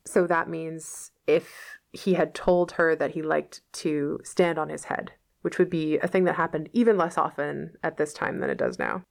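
Woman, teacher reading aloud, patient explanations, low pitch, gravelly. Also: steady tone, normal speed, hardly any pauses. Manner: patient, explanatory, casual asides.

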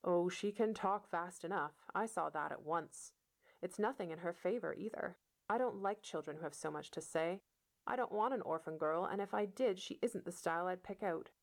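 A woman voicing a stern, sharp-tongued older spinster who speaks in a brisk, scolding way. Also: fairly low pitch, gravelly.

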